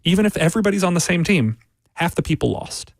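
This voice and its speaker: A man's voice: high-pitched, big pitch swings, quick pace, gravelly, dry recording. Analytical male sports radio guest. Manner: analytical, builds arguments with repeated phrases.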